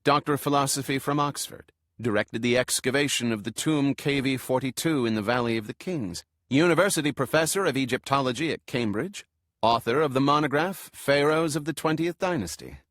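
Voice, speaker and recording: A male narrator voicing a brisk, formal male museum director. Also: medium pitch, fairly bright tone, no room sound, studio quality, voice pushed up, natural voice.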